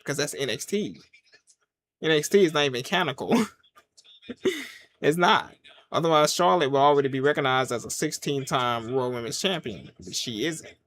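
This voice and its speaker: A man giving casual live reaction commentary while watching a wrestling show, swinging from loud excited yelps to low mutters in easygoing slang. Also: moderate pace, pauses often. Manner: casual slang, talks to himself and the chat. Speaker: wrestling watch-along reviewer.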